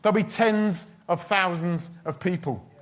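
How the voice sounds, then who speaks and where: A man's voice: high voice, a little slow. A man preaching a sermon in a chatty, humorous storytelling way. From England. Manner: chatty, humorous, with quoted voices.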